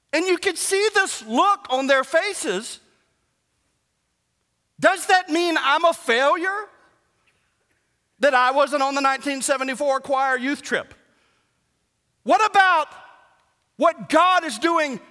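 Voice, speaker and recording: A man preaching a sermon as pastor, animated and joking, swinging from hushed asides to shouts. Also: very high-pitched. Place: church sanctuary. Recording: long hall reverb.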